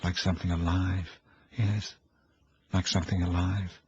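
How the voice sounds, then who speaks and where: A man's voice: low-pitched, little pitch movement, measured pace, breathy edge, no echo, dull audio, heavily acted. A man voicing a frightened, nervous young woman in an audiobook reading, with a tense, fearful manner. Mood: uneasy.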